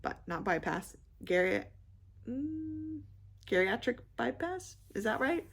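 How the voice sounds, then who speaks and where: Slow, gravelly young woman reviewing books. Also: a little high, very animated. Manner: rambling, many ums and likes, searching for words. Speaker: book vlogger. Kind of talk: casual book review chat.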